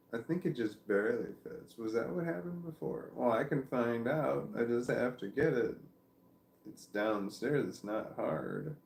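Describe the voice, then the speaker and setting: A vlogger with a low, gravelly, darkish voice rambles casually on a livestream from home, seated with his dog on his legs. He meanders and interrupts himself while telling viewers about the dog, recorded on a phone or camera on a stand with a roomy echo.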